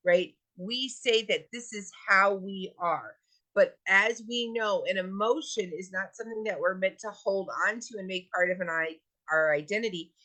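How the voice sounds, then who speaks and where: A woman leads a self-help lesson in a bright, clear voice. She coaxes gently and asks question after question. At times she slows down and draws out her words to stress a point. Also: mid-range voice, poor audio. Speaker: wellness teacher. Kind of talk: guided self-help talk.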